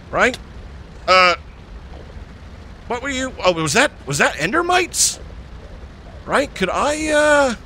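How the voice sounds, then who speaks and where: A man giving excitable, jokey running commentary over his own block-building game, chatting to the creatures he meets. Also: high voice, a little hiss or hum. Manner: excitable, talks to the mobs he meets; frequent fillers and restarts, jokey. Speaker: gaming channel host. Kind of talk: Minecraft let's play commentary.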